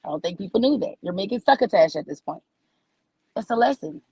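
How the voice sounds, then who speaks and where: A woman's voice: medium pitch, sing-song, brisk, warm tone, breathy edge, no echo, low-quality recording. A woman from New Orleans with a New Orleans accent, performing stand-up comedy in a folksy, scolding auntie tone that calls people baby. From New Orleans, USA.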